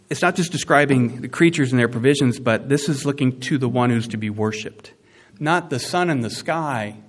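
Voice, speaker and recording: A man preaching a sermon, animated and conversational, with asides and emphatic rising peaks. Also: medium pitch. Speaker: pastor.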